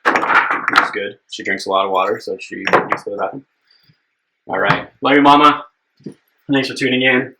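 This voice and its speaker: A man's voice: fairly low pitch, brisk, pauses often, noisy background. A young man hosting a live cooking stream, chatting casually and upbeat with his viewers, rambling with plenty of fillers.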